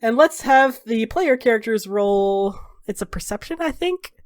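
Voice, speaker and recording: A woman's voice: fairly high pitch, lively intonation, unhurried. Woman game master, chatty storyteller in a tabletop game. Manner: storytelling with many fillers.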